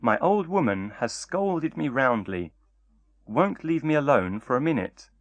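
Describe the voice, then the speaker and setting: A man's voice: medium pitch, sing-song, measured pace, no room sound, muffled recording. A man voicing a humble, timid old fisherman in a storybook, speaking meekly and politely. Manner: meek and polite.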